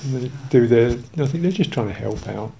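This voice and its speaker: A man's voice: mid-range voice, animated, normal speed, gravelly, dark tone, a little hiss or hum. An older English man, a Buddhist monk, telling a humorous, self-mocking story in a dharma talk, chuckling along.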